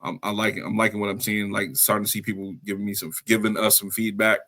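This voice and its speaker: A man's voice: fairly low pitch, little pitch movement, fast, sharp tone. A man hosting a wrestling podcast alone, recapping the show in a loose, rambling way with slangy asides to his listeners, tired after a long day. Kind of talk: casual solo show recap.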